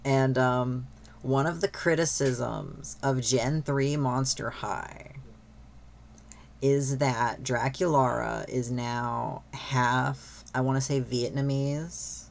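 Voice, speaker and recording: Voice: medium pitch, fairly even intonation, takes it slowly, gravelly, slight background noise. A streamer chatting casually while gaming, rambling with lots of fillers and freely swearing.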